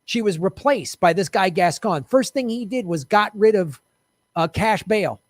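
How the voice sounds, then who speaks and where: A man's voice: high-pitched, animated, a little slow, dry recording. A man hosting a heated political commentary show, talking bluntly and profanely, repeating his points for emphasis. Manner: fiery, blunt, profane, repetitive. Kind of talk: heated political rant to camera.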